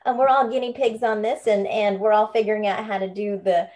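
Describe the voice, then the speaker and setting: A woman's voice: medium pitch, fairly even intonation, fairly quick, darkish tone. A woman leading a book club over a video call, chatty and bubbly, laughing often. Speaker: book club leader and home coach. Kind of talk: casual online group talk.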